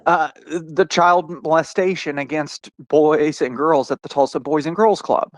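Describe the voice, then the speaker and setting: A man from Oklahoma pours out an angry, profanity-laced story in a podcast chat. His voice sits a little high, and the sound is dry with no room echo. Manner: angry, profane, rapid storytelling with quoted retorts. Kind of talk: heated podcast conversation.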